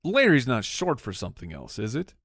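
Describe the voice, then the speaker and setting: A man co-hosting a comedy podcast, jumping in excitedly and riffing on the others' jokes. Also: mid-range voice, no echo, studio quality. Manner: excitable, quick to jump in and riff. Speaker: podcast co-host. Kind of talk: casual comedic chat.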